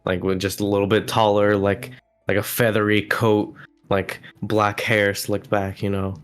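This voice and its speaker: A man's voice: fairly low pitch, monotone, unhurried, smooth, faint music behind. A man playing a tabletop game, describing his character's actions hesitantly with many fillers. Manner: hesitant, lots of "like" and "um". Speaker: player.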